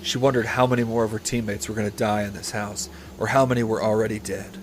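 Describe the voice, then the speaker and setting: A male podcast host reads a story aloud in a deadpan, steady voice. He breaks off to swear and comment between sentences, and a faint ambient hum sits behind him. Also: on the low side, fast. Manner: deadpan narration broken by swearing and asides. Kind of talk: comedic read-aloud with banter.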